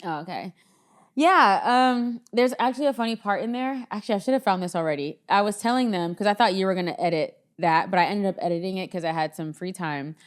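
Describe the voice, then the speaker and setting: A woman's voice: mid-range voice, fast. A woman co-hosting a podcast in casual chat, talking in a chatty storytelling way and laughing often. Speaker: podcast co-host.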